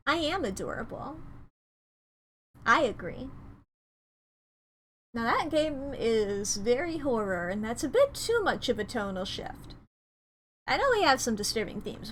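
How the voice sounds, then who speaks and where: A woman streamer wrapping up a stream, excitable and giggly, chatting casually with her viewers. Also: on the high side, unhurried, pauses often, slight background noise. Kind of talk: casual stream wrap-up chat.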